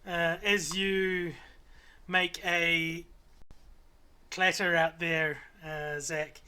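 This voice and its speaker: Male game master, slow delivery, bright tone, unhurried scene-setting narration. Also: high-pitched. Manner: unhurried, many filler pauses.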